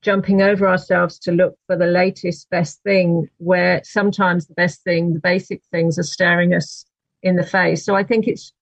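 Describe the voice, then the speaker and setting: A woman, an author, answering interview questions in a measured, thoughtful way. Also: on the low side, flat delivery, gravelly, no echo, lo-fi sound. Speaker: author guest.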